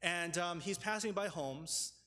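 A young man preaches with a fairly high voice, earnest and halting, full of fillers and restarts. His words ring out through the long reverb of a church hall. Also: pushed and bright. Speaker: pastor. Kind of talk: sermon storytelling. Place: church sanctuary.

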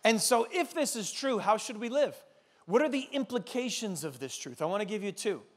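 A man in his thirties preaching a sermon as a pastor, urging his listeners with animated, earnest exhortation. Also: high-pitched, normal speed. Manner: animated storytelling, urgent exhortation.

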